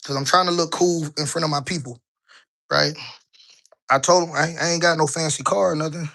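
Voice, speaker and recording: A man's voice: a little high, fairly even intonation, brisk, vocal fry, pushed and bright. A man strolls through a house, filming himself on a handheld phone for a live stream. His talk is loose and conversational, and he keeps checking in with the viewers as he goes. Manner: loose, chatty, keeps asking "right?". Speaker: online business coach. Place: indoors in a house, walking room to room.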